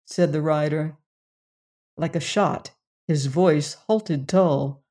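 Slow, deliberate western story narrator. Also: mid-range voice, dark tone. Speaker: audiobook narrator and show host. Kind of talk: reading a western novel aloud.

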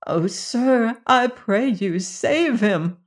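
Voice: medium pitch, animated, drawn-out words, pitched above the performer's own voice. A narrator voicing a desperate frontier woman pleading for a man's life in a western audiobook story. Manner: urgent, imploring.

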